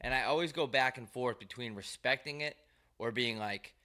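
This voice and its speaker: A man's voice: medium pitch, moderate pace, sharp tone. A man hosting his own show, telling rambling, profane, wry stories in a loose monologue. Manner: profane, wry, ranting storyteller. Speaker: show host.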